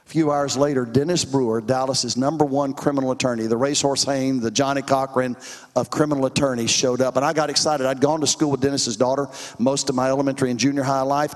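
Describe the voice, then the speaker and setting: A man's voice: medium pitch, darkish tone, in a large hall. A man from Texas preaching his testimony, telling his story with emphatic, rising and falling intensity. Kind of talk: testimony sermon.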